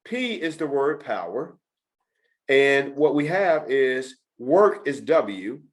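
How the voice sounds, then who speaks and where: A man's voice: mid-range voice, big pitch swings, slow pace. A middle-aged man teaching a test prep session to students, talking emphatically and repeating his key points. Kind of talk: lecture to students.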